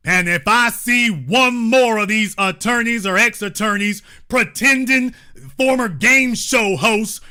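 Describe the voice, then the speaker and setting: A man hosting a commentary show, delivering an animated monologue in a blunt, emphatic, repetitive way. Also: sits high.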